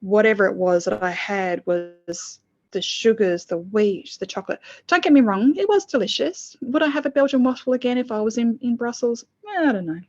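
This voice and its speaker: A middle-aged woman chatting in an interview as a podcast co-host, an expressive storyteller who acts out her past self. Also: fairly high pitch, normal speed, lo-fi sound. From lived in the UK. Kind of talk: casual interview chat.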